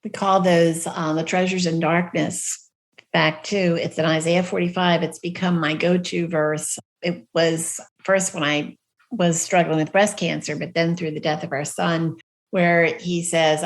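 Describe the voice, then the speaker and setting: A middle-aged woman hosting a faith podcast, speaking in a warm, reassuring way and drawing on scripture. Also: on the low side, level tone, measured pace. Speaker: podcast host. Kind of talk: ministry podcast conversation.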